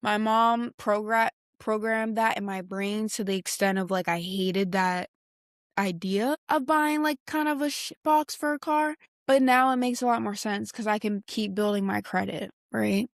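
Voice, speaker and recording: A woman's voice: mid-range voice, normal speed, no echo, clean studio sound. A young woman hosting a podcast, chatting casually in a rambling, slangy way, reacting to clips. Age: young adult. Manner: rambling, slangy, many fillers and restarts. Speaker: podcast host.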